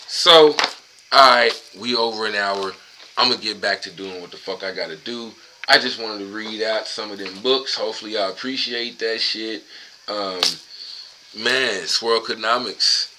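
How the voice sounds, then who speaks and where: A man's voice: on the low side, normal speed, pushed and bright, a little hiss or hum, rough recording. A man hosting a solo show, reading a book aloud and breaking off into profane, rambling, emphatic rants in a casual monologue.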